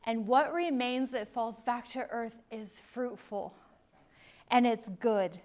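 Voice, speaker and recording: A middle-aged woman teaching a Bible sermon, emphatic, swinging between loud declarations and hushed lines. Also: fairly high pitch, slow pace.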